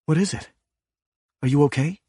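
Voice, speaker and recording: A man voicing an earnest young woman in an audiobook, gentle and sincere. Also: on the high side, moderate pace, husky, no echo, clean studio sound, voice pushed up.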